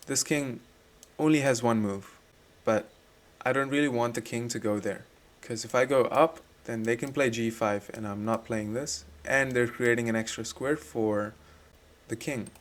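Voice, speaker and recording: A man reviewing one of his own chess games, explaining his moves step by step in a relaxed voice-over. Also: medium pitch. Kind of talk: casual game commentary.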